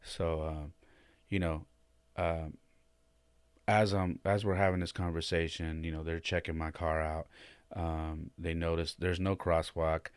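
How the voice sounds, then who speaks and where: A man with a very low voice tells a story in casual podcast talk, slipping into quoted voices and pausing on fillers. He sounds shaken. The recording is dry and close. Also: clean tone, no room sound. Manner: retells with animated quoted voices, many fillers. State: shaken and emotional. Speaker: podcast host.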